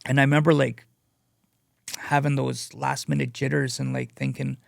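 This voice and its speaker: A man sharing his addiction recovery story as a guest speaker. He talks in a halting, earnest way and leans on "you know" a lot. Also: mid-range voice, level tone, gravelly, no echo. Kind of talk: personal testimony, casual storytelling.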